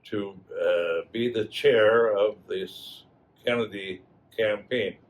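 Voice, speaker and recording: Halting elderly man reminiscing. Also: fairly low pitch, low-quality recording. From Wisconsin. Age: 80s. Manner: halting, many fillers and restarts. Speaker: alumnus guest. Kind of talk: reminiscing storytelling.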